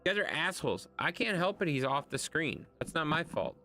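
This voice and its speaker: A man's voice: fairly high pitch, very animated, brisk, sharp tone, soft background music. A man chatting casually to his viewers during a livestream, rambling and swearing freely. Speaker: game streamer.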